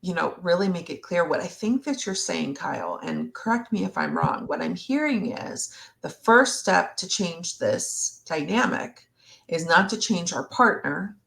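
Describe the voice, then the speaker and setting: Slow, gravelly-voiced woman therapist. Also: on the low side, very animated, a bit bright. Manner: slow, reflective, acts out partner's words. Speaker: relationship therapist. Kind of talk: live Q&A discussion.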